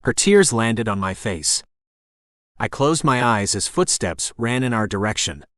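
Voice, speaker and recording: A man narrating a first-person novel as an audiobook in a steady storytelling voice. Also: lowish voice, measured pace, no echo, clean studio sound.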